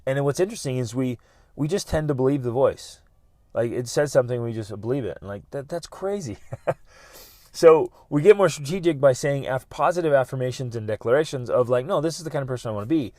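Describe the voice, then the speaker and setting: A man's voice: mid-range voice, expressive, brisk, darkish tone, dry recording, studio quality. Earnest man hosting a motivational podcast. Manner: earnest, repeats words, many restarts. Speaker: podcast host.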